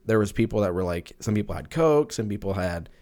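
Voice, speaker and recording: This thirty-something podcast host talks fairly quickly in a low-ish, animated voice with a darkish tone. Alone at the mic, he rambles, swears, cracks jokes and puts on goofy voices when quoting people.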